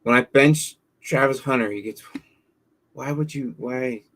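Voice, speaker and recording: A livestream host answers fantasy football questions in a casual stream, reading out viewer questions and thinking aloud with lots of fillers and repeated words. His voice is medium-pitched and fairly bright, at a measured pace.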